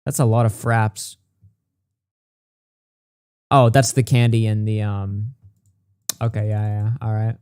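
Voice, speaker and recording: A man's voice: fairly low pitch, flat delivery, a little mellow, clean tone, no echo, studio quality. A man hosting a commentary show, reading messages and reports aloud and reacting bluntly, with plenty of swearing. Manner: blunt, profane, reads texts quickly. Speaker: commentary channel host.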